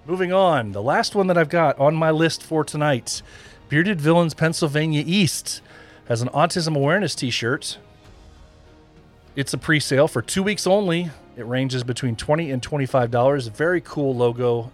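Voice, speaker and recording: A man hosting a podcast, chatting casually and rambling, with frequent laughs. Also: mid-range voice. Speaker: podcast host.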